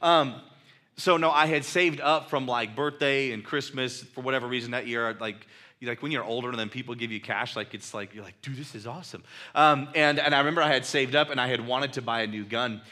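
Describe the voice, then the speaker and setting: Speaking at a medium pitch and a little fast, a male pastor delivers his sermon like casual storytelling. Fillers and "like" pepper his speech, and he reenacts his own angry shouts.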